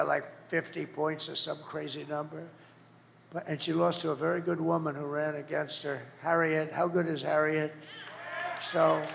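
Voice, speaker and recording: Gravelly man booming through a rally hall. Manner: boastful, rambling, mocking. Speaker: political candidate. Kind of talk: campaign rally speech. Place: large rally venue. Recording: echoey hall, faint background noise.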